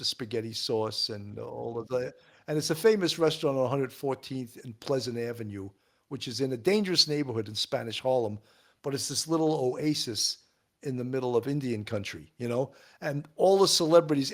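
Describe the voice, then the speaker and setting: A man's voice: medium pitch, creaky. A middle-aged man with a New York accent, a retired homicide detective chatting bluntly as a podcast guest. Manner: storytelling, blunt, laughs easily. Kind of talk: casual podcast chat.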